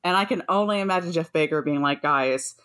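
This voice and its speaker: A podcast co-host with a lowish voice chats casually at a quick pace, laughing often and swearing as she tells a story. Her manner is lively and profane.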